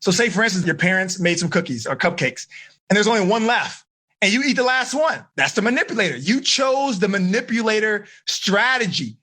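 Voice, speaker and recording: A man running a live seminar for teenagers, energetic and asking the audience questions. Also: high voice, fairly quick, breathy edge. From United States. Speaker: teen life coach.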